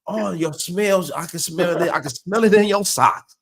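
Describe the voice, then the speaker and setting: A man's voice: high voice, moderate pace, creaky, fairly bright tone, slight background noise, voice pushed up. A man voicing an eager, affectionate pet dog that dotes on its owner and sniffs at him. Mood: doting. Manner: playful, sniffing and doting.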